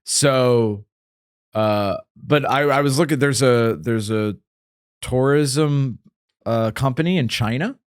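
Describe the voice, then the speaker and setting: A man's voice: mid-range voice, slow pace, clean tone, dry recording. Laid-back male podcast host, dry mic. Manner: laid-back, says "dude", many "mm-hmm" backchannels. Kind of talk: casual comedic podcast chat.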